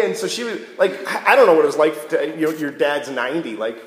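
A man's voice: a little high, lively intonation, quick pace, few pauses. A man preaching a casual sermon, joking and conversational, often checking in with "right?". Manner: jokey, conversational, keeps asking "right?". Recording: echoey hall with long reverb.

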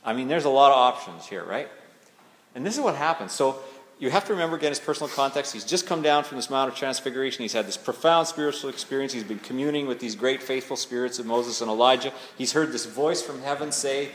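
A man's voice: medium pitch, quick pace, fairly bright tone, a little hiss or hum. A man preaching a sermon in a conversational, reflective way, building to emphatic readings of scripture. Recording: echoey hall with faint ambience.

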